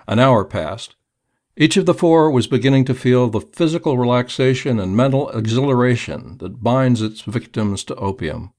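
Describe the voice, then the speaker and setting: A man reading a crime story aloud in a measured storytelling manner. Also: medium pitch, animated, darkish tone. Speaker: narrator. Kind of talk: audiobook narration.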